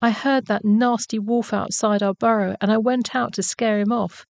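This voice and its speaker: A woman's voice: on the high side, steady tone, normal speed, creaky, darkish tone, no room sound, voice pushed up. A woman doing a scared little boy bunny. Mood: earnest. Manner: earnest, apologetic.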